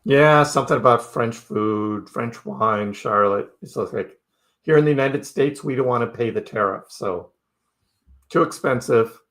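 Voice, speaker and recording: A middle-aged man with a mid-range, a-bit-bright voice talks a little slowly while hosting a crypto livestream. He's chatty and wry, often laughing as he casually takes viewer questions from chat.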